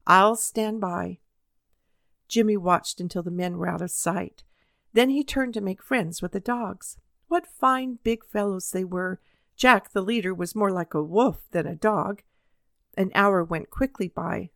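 A woman's voice: mid-range voice, a little slow, creaky, fairly bright tone, no room sound. Woman reading a children's story, dry sound. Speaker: audiobook reader. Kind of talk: storybook narration.

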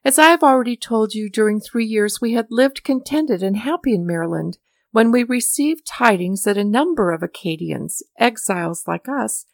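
A woman reading a story aloud as narrator, with measured, mournful storytelling. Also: a little high, creaky, dry recording, studio quality. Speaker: audiobook narrator. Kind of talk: scripted narration.

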